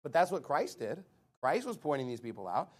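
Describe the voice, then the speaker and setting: A man preaching a fiery sermon who reads scripture aloud, throws rhetorical questions at the congregation and bursts into shouted lines. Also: mid-range voice, very animated, a little fast.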